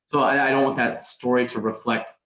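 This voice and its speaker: A man's voice: mid-range voice, steady tone, brisk, a bit bright. A man guest on a podcast, telling a story casually, rambling, with many restarts and "like"s. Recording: roomy, dull sound.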